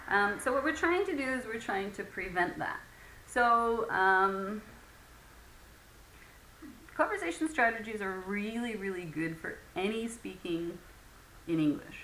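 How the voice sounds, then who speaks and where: This recorded lecture features a woman patiently teaching English conversation, acting out example phrases and leaning on plenty of fillers. She speaks in a mid-range, bright, forceful voice, captured in an echoey space with faint ambient noise.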